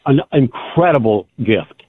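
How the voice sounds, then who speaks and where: A man's voice: medium pitch, lively intonation, unhurried, breathy edge, no echo. Heartfelt male caller on a phone line. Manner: grateful, heartfelt. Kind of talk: call-in radio talk.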